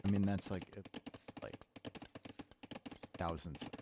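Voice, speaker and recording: A man's voice: low voice, takes it slowly, music in the background. Laid-back man casting a live match. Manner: laid-back, chatty, teasing the live chat. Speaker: tournament caster. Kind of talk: live esports commentary mixed with chat banter.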